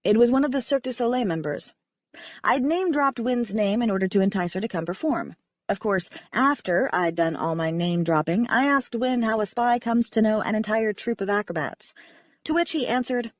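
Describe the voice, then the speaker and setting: A woman narrating a first-person audiobook in a wry, animated manner. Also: fairly high pitch, normal speed, no room sound, lo-fi sound.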